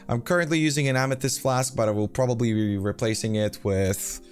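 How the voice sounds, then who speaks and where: A man with a medium-pitched voice speaks briskly over soft background music, casually walking through a game character build. As host of this build guide, he rambles with fillers and self-deprecating asides in a casual gameplay commentary.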